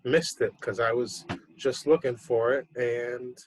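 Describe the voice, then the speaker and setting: A man's voice: medium pitch, steady tone, unhurried, a little hiss or hum, poor audio. A man co-hosting a podcast, chatting casually and laid-back, mostly giving short replies. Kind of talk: casual chat.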